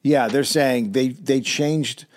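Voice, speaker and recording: A man's voice: medium pitch, slow. A man hosting a comedy podcast, reading old newspaper stories aloud and breaking off with wry comments. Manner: reads aloud with wry asides. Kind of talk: reading aloud and casual chat.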